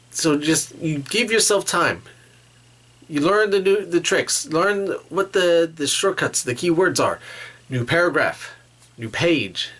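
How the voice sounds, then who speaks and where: A man hosting a solo podcast, talking through tips in a halting way and often restarting his phrases. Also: on the high side, fairly bright tone. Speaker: podcast host. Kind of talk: casual solo talk with tips.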